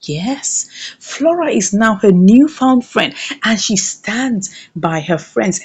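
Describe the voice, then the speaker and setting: A woman who reviews movies, chatting casually as she recaps a drama series with animated storytelling. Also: medium pitch, slow pace, breathy edge.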